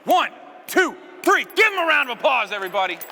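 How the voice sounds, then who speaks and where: A man's voice: very high-pitched, big pitch swings, fast talker, vocal fry, pushed and bright, in a large hall, a little hiss or hum. A man performing stage magic on a live stage, keeping up joking banter with a volunteer and the crowd.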